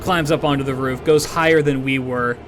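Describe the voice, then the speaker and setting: A man's voice: medium pitch, fairly even intonation, fairly quick, music in the background. A man streaming a game while telling a story in a rambling, profane way, full of restarts. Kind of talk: casual storytelling while gaming.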